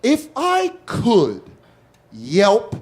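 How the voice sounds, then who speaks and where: A male stand-up comedian telling a story on stage with animated delivery and wry asides. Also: high-pitched, drawn-out words. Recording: loud audience laughter in noisy club.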